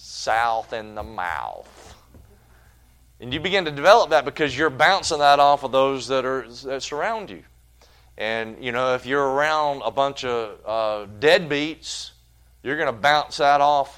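A man preaching a sermon in a church, folksy and animated, with homespun asides. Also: medium pitch, clean tone.

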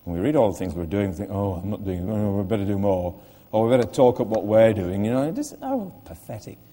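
Older male preacher, deep and mellow. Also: animated, quick pace, in a large hall. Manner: earnest, asks the listeners direct questions. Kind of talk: sermon. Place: church.

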